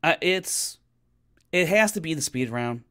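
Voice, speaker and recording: A man co-hosting a podcast in casual chat, animated and often restarting his sentences. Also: a little high, a little slow, smooth. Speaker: podcast co-host.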